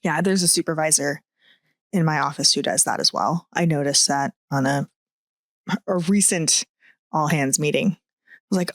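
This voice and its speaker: Woman, middle-aged, podcast co-host, animated, laughs easily, dry sound. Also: low voice, moderate pace, pauses often, no room sound. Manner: giggly, animated storytelling. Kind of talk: casual chat.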